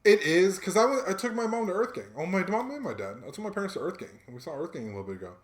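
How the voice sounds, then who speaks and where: A man's voice: high voice, rapid-fire, echoey room. A young man co-hosting a podcast, telling stories in casual slangy talk and acting out what people said. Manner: animated storyteller, slangy, acts out quotes. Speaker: podcast co-host. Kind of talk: casual chat, storytelling.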